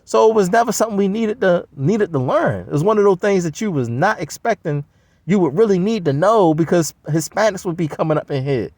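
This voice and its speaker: A man's voice: high-pitched, expressive, brisk, darkish tone, no echo. A man delivering a blunt, heavily profane, scoffing solo rant. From United States.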